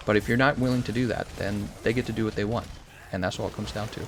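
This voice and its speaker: A man's voice: medium pitch, lively intonation, fairly quick, creaky, slight background noise. An American man in casual commentary, rambling and opinionated while answering chat questions. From United States. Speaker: streamer.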